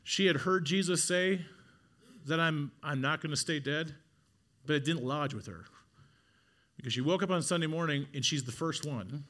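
Guy preaching, kinda high bright voice, goes hushed then punchy, repeats stuff for emphasis. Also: normal speed, long pauses. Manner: dramatic storytelling, swings from hushed to emphatic. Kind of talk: sermon.

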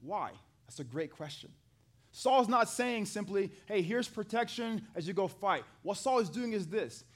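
A man preaching a sermon to a live congregation, acting out the scripture dialogue in an animated way and talking with the people in the pews. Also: high-pitched, a little slow. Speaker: pastor. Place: church hall with a live congregation.

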